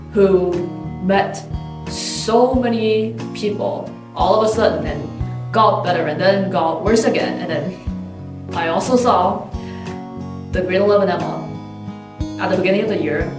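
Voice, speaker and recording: A woman giving a candid, thoughtful personal reflection as a documentary interviewee. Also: on the low side. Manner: candid, thoughtful, with casual fillers. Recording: roomy distant mic. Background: soft guitar music.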